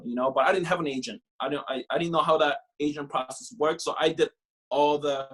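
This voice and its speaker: Profane, animated young man telling stories. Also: on the high side, quick pace. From Canada. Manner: profane, animated, heavy on filler phrases. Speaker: podcast guest, former pro baseball player. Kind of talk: casual interview storytelling.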